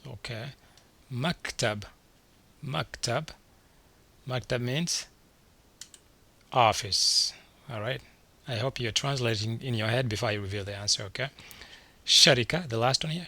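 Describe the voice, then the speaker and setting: A man teaching a beginner vocabulary lesson from slides, saying each word twice and slowly before asking what it means. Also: medium pitch, pushed and bright. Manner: repeats each word slowly, then quizzes the listener. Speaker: language teacher.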